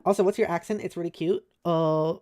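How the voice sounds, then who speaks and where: Fast-talking American woman streamer. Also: fairly low pitch, fairly even intonation, dark tone. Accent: American, maybe New England. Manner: speaks fast and slurs words a little; reassuring, chatty, lots of "like" fillers. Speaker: streamer reading a webcomic aloud. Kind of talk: casual live-stream chat with viewers.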